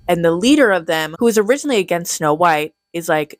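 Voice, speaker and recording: A young woman with a lowish voice rattles off a movie recap in a snarky, sarcastic tone and swears freely. The sound is dry and close, with no room around her. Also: animated, fast, few pauses, dry recording. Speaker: movie commentary youtuber. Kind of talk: casual comedic movie recap.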